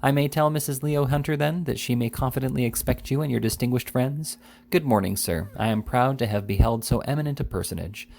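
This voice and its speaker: A man reading the part of a grave, pompous gentleman who flatters his guest in formal speech full of "sir". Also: mid-range voice, a little fast, vocal fry, voice pushed up, lightly acted. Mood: fawning.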